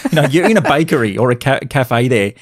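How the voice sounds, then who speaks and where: A man's voice: mid-range voice, animated, fast. A man co-hosting a podcast, ranting in casual chat with exasperation and swearing. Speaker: podcast co-host.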